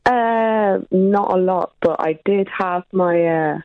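A woman's voice: medium pitch, slow, no echo, narrow, tinny audio. A woman calling in to a radio phone-in, chatting in an easygoing, giggly way. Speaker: caller. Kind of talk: casual chat on a radio phone-in.

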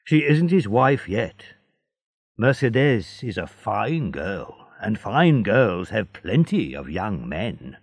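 A man's voice: fairly low pitch, very animated, slow pace, slightly rough, dry recording, exaggerated voice. A man voicing an envious, sneering neighbour in a storybook reading. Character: envious grumbling male neighbour.

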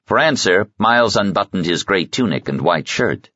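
A man narrating an audiobook in an expressive storytelling manner. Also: deep voice, moderate pace, husky, no echo. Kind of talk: scripted narration. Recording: slightly muffled sound.

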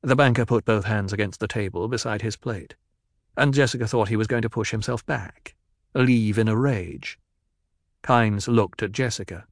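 A man narrating a story in a steady, even storytelling manner. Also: fairly low pitch, normal speed, no echo, studio quality. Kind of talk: scripted audiobook narration.

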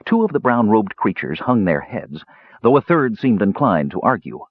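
Male audiobook narrator, low husky voice, expressive and lively, dry muffled sound. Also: moderate pace, no room sound. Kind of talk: scripted narration.

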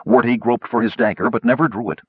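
A man's voice: medium pitch, steady tone, fast talker, slightly rough, dry recording, narrow, tinny audio. A man reading a fantasy novel aloud as narrator, with a dramatic, varied delivery. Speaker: audiobook narrator.

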